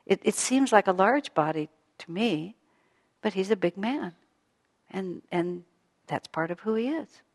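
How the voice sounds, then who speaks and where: A long reverb tail trails the mid-range, animated voice of a woman talking a little slowly. She's a spiritual teacher at an evening session with a group, sharing personal stories thoughtfully and gently laughing at her own missteps.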